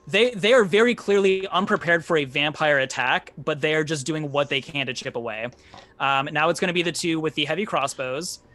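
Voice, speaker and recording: A man narrating as game master of a live tabletop game, animated and swearing freely, with many restarts. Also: fairly high pitch, brisk.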